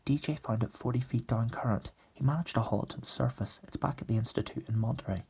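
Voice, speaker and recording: A man voicing a determined young woman submarine pilot in a forceful, defensive manner, as a whispered role-play. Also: medium pitch, quick pace, gravelly, slightly rough. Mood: challenging.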